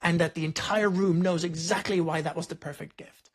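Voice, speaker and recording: A man's voice: on the high side, fairly even intonation, a little fast. A man hosting a podcast interview, telling stories in a reflective, conversational way. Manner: reflective, storytelling, frequent "like" and "right?". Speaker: podcast host.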